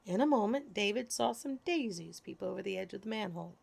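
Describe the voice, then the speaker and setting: A woman reading children's stories and rhymes aloud, expressive and animated. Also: mid-range voice, fairly quick, vocal fry, hardly any pauses. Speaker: storyteller. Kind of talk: children's storybook read-aloud.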